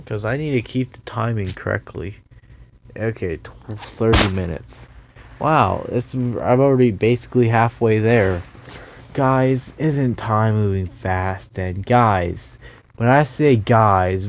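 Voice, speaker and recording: A man's voice: lowish voice, gravelly, darkish tone, slight background noise. A tired man rambling through a sarcastic solo video rant, yawning and losing his train of thought. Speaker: YouTuber.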